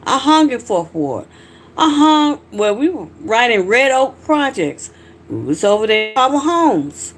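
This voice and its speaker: A middle-aged Southern woman from Georgia, USA, hosts a livestream, talking frankly with viewers and reacting as she reads their comments. Her voice is on the high side and sing-song, at a measured pace.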